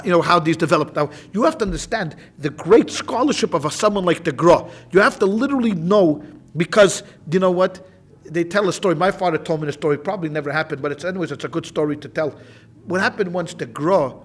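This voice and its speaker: A man's voice: sits high, slightly rough. A man teaching a Talmud class as a rabbi, telling a story in a loose, informal way, with many restarts and repeated phrases.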